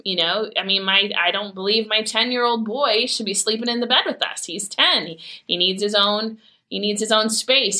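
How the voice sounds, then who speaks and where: A woman's voice: medium pitch, sharp tone. A woman in her forties, a mother of teens, talking casually about parenting and prayer in a candid storytelling way. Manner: candid storytelling with laughs and acted quotes. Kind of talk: casual faith-based talk.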